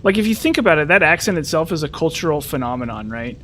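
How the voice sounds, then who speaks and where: A man's voice: a little high, sing-song, quick pace, sharp tone, a little hiss or hum. A young man giving casual gameplay commentary, rambling and correcting himself as he thinks aloud. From United States. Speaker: gaming commentator.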